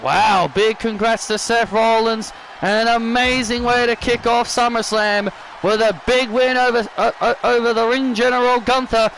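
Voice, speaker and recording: A man giving excitable play-by-play commentary on a wrestling video game, often repeating himself. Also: very high-pitched, moderate pace, slight background noise.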